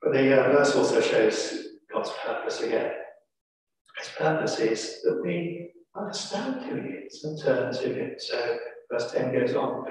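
A man's voice: medium pitch, measured pace, slight background noise. A man with an English accent preaching a sermon, telling a story with dramatic emphasis. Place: large church. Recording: echoey church from far off.

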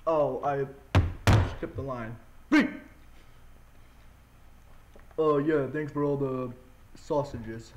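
Speaking slowly in a mid-range voice with fairly even intonation, this man sounds a little mellow, though the audio is dull and carries a slight hiss or hum. He's a gaming channel host casually commentating a let's-play indoors at home. He talks and eats with his mouth full, right into a mic pressed against his mouth.

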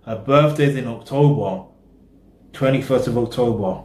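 A man's voice: mid-range voice, normal speed, roomy sound. A man hosting a reaction video, rambling casually in slang and talking straight to his viewers.

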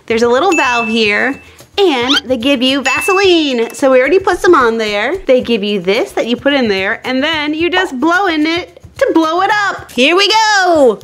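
A woman's voice: high voice, lively intonation, normal speed. Bubbly woman hosting a kids' toy show. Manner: bubbly, sing-song. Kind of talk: toy unboxing narration for kids. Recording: noisy home recording.

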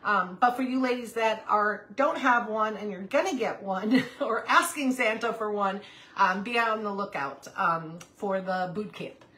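A woman's voice: medium pitch, unhurried, fairly bright tone. A woman in her fifties hosting a casual crafting livestream, chatting with viewers and calling to her puppy. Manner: chatty, reads viewer comments aloud, talks to her puppy.

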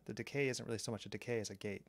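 A man calmly explaining a drum machine's sounds step by step, pausing between phrases as he demonstrates. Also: fairly low pitch, no echo. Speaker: synth reviewer. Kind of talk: technical demo narration. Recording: strong mains hum on the mic.

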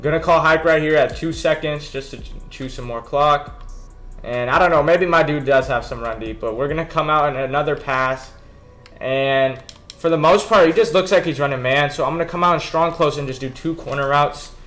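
A young gaming YouTuber gives laid-back, slangy commentary over his own football video game match, mostly talking to himself as he plays. His voice is fairly high and a bit bright at a normal speed, with beats in the background.

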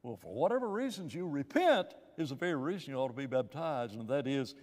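A man's voice: mid-range voice, very animated, brisk, a little mellow, big-room sound. A man preaching in a church Bible class, emphatic, asking rhetorical questions and often restarting his phrases. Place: church room.

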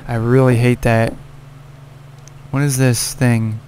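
A man's voice: medium pitch, level tone, slow, a little hiss or hum. A man giving casual gameplay commentary, cursing and scolding the game character. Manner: profane, exasperated, yelling at the game character. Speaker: let's play gamer.

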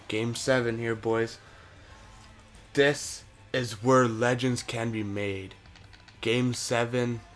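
Excitable man commentating his own game. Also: mid-range voice. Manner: excitable, cheers and curses at the game. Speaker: gaming commentator.

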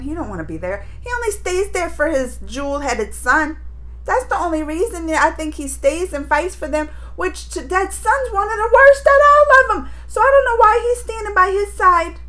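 A woman with a high voice talks through a reaction video in a loose, rambling way. She sounds emotional and chatty, like a mother sharing her feelings with viewers. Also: lively intonation, normal speed, a bit bright. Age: adult mother. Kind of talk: casual reaction vlog chat.

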